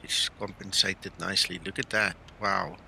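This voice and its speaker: A man hosting a flight simulator live stream, chatting loosely and talking himself through each step. His voice has a gravelly edge and a very bright, forceful tone. A faint hiss of noise sits under the talk. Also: sits low, level tone, moderate pace, poor audio. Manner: chatty, thinks aloud while flying. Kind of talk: casual live-stream chat.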